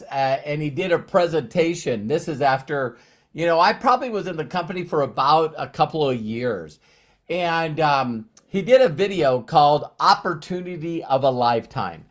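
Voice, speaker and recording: A man's voice: fairly high pitch, expressive, normal speed. A man in his fifties hosting a live-streamed motivational talk, upbeat and rambling, with many fillers and restarts. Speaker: network marketing presenter.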